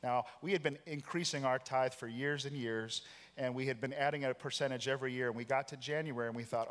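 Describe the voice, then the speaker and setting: A man's voice: on the high side, fairly quick. Man in his forties preaching in a reverberant hall. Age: 40s. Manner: animated storytelling, self-deprecating. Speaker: pastor. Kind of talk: sermon. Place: large church auditorium.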